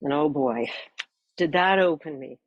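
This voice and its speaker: A woman in her sixties, a voice teacher, earnestly introducing her course at a measured pace with warm emphasis. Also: low-pitched, no room sound, highs cut off.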